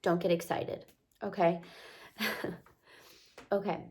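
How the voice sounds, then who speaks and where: A young woman vlogger with a hoarse voice from crying, chatting to her viewers with casual motivational encouragement and rambling asides. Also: fairly low pitch, little pitch movement, takes it slowly, a little mellow. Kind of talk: casual motivational talk to camera.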